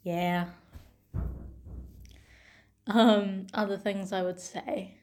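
A young woman speaks slowly and tenderly, taking her time, with a voice of ordinary middle pitch. She sounds gentle and heartfelt, pausing often and letting small laughs slip in. Her delivery is intimate and personal. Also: fairly even intonation, faint music behind. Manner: slow, gentle and tender, with soft laughs and pauses. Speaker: vlogger.

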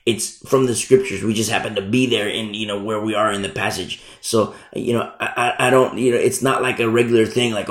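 A man's voice: on the low side, steady tone, brisk, hardly any pauses, fairly bright tone. A male pastor preaching a sermon, emphatic and repeating his key phrases. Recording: roomy echo.

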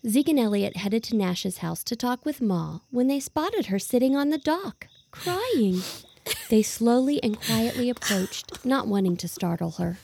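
A woman narrating a storybook audio drama in a scripted way, with a slightly gravelly voice. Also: on the high side, expressive, a little slow, darkish tone, slight background noise. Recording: faint music behind.

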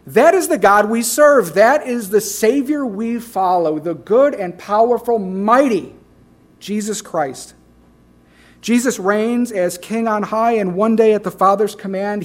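A man preaches a sermon in a high voice. He swings between loud, emphatic declarations and hushed, quiet asides. His pitch stays up for a man, and he leans hard on key phrases. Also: lively intonation, moderate pace. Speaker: pastor.

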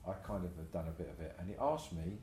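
Deep-voiced older man, roomy echo. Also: quick pace, slight background noise. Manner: swears freely, animated anecdotes with acted-out quotes. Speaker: tattoo artist guest. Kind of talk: casual storytelling interview. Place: room in his tattoo shop. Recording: roomy echoey room.

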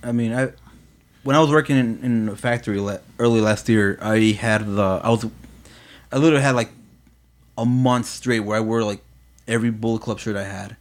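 A man telling a low-key, mumbled story in a casual podcast chat, set back from the mic. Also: brisk. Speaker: podcast co-host.

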